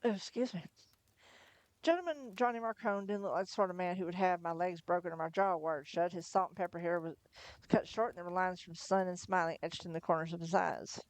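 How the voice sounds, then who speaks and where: A woman reading a novel aloud on a livestream in first person, chatty between chapters, her voice going hoarse. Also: lowish voice, fairly even intonation, brisk, no room sound. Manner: chatty, laughs between asides. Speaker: livestream storyteller.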